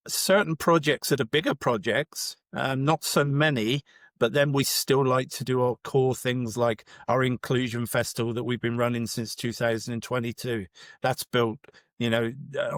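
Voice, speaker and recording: A man's voice: medium pitch, dry recording. Brief: earnest man, mid-range voice, dry close sound, candid and determined. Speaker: charity staff member. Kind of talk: candid interview answer.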